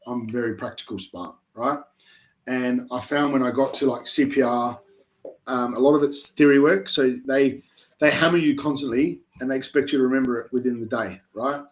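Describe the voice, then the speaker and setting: Young male interviewee from South Australia, animated storyteller, mid-pitched everyday voice, casual chat. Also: moderate pace. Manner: animated storyteller with many restarts. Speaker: interview guest, army reserve recruit.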